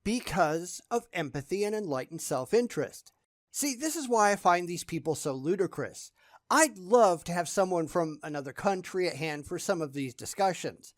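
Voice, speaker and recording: A man's voice: high voice, animated, moderate pace, dry recording, clean studio sound. A man giving sarcastic reaction commentary, blunt and scornful in how he talks.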